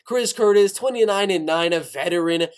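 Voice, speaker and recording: A man with a high-pitched voice runs through fight news in a casual, excitable way. He keeps turning to his audience with direct questions. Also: normal speed, clear, resonant tone. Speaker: MMA news YouTuber. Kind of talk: casual sports news commentary.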